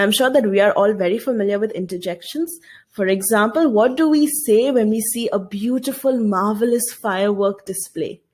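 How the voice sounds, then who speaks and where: A woman's voice: medium pitch, a little mellow, husky. A woman teacher giving a recorded video lesson, reading a story aloud and explaining it, often asking her students questions.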